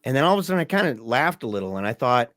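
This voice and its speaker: Speaking at an ordinary pitch, a middle-aged podcast guest tells a story casually and haltingly, frequently starting sentences over and chuckling softly. He is very animated, and the close, dry recording carries no echo.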